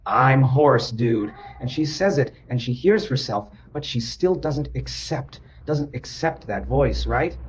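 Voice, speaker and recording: A man of middle pitch talks a client through his ideas. He speaks emphatically and circles back over the same words, sometimes chanting a rhythm aloud. There is faint noise under his voice. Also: animated, a little slow, hardly any pauses, darkish tone, poor audio. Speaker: therapist. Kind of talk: explaining to a client.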